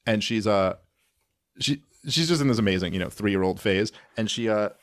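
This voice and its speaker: A man on a podcast telling a story about his young daughter, acting out the dialogue with warmth. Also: on the low side, moderate pace, no echo. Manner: warm storytelling, lively acted-out dialogue. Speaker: podcast guest. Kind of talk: anecdote in a podcast interview.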